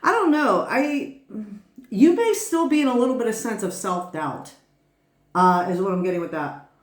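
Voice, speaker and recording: A woman's voice: fairly high pitch, lively intonation, moderate pace, reverberant. A woman giving a casual tarot reading who rambles, laughs often and swears freely. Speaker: tarot reader.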